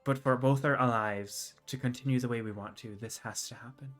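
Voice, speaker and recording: A man voicing a queen who regretfully agrees to send her son away, speaking in a soft, measured way. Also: mid-range voice, steady tone, faint music behind, close to an everyday voice. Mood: sorrowful. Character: reluctant grieving queen, mother sending son away.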